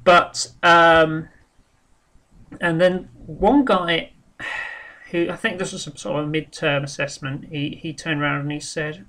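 Bright-voiced rambling man. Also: fairly high pitch, steady tone, takes it slowly. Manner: rambling and frank, with many ums, restarts and swearing. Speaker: vlogger. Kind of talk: casual spoken monologue.

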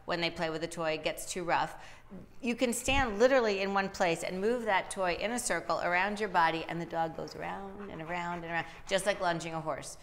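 A woman dog trainer answering questions live, explaining with lively asides and little acted-out voices for dogs and owners. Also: lowish voice, brisk. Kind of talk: live Q&A advice.

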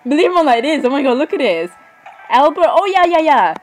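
A young woman chatting excitedly as she comments on her own gameplay, often saying sorry and literally. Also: high voice, fast, faint music behind, low-quality recording. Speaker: gamer.

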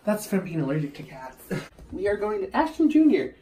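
A young man vlogging at home, talking to camera in an excitable way, laughing and yelping as he goes. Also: sits high, brisk, soft background music. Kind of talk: casual chat to camera. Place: bathroom at home. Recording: echoey bathroom.

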